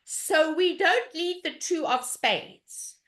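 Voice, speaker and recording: A woman's voice: very high voice, slow, fairly bright tone. A woman teaching a live online bridge lesson, walking through a hand in a chatty way and asking the class questions as she goes.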